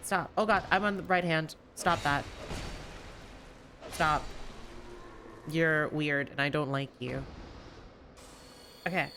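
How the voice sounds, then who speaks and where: A young woman chatting casually while streaming a game, rambling with lots of fillers and sometimes lifting her voice higher on purpose. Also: steady tone, takes it slowly, long pauses, a bit bright, a little hiss or hum. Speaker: gaming streamer. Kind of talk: casual gameplay commentary.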